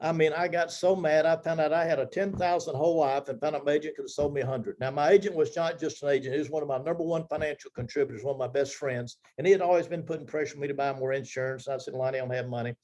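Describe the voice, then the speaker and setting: A man's voice: on the high side, steady tone, fast, few pauses, a little mellow. A man in his seventies telling a personal career story to his team, acting out the dialogue as he goes. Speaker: business leader speaking to his team.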